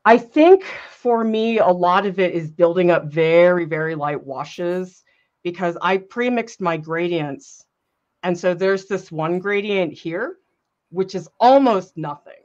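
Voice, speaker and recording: A woman's voice: on the low side, measured pace, darkish tone, dull audio. A woman art instructor chatting casually and laughing often while she paints with ink.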